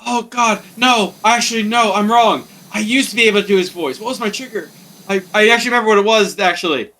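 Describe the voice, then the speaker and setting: A man's voice: high-pitched, quick pace, bright, forceful tone. A young adult man chatting while gaming, rambling with many restarts and casual swearing.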